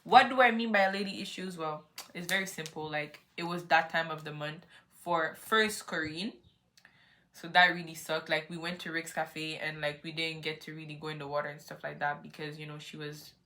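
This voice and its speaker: Young woman vlogger doing story time, lowish bright punchy voice, acts out her own reactions, says like a lot. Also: steady tone, normal speed. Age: young adult.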